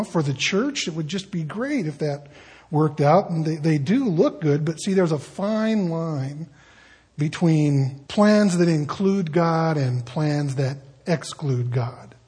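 A man's voice: fairly high pitch, a little mellow, breathy edge. A man preaching a casual sermon, telling stories and acting out the people in them. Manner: conversational storytelling, acting out quoted voices. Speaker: pastor.

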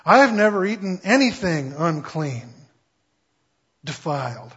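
A man voicing the apostle Peter as an anxious, pleading man who is slow to understand. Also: on the high side, very animated, a bit bright, slightly rough, highs cut off, heavily acted. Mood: protesting.

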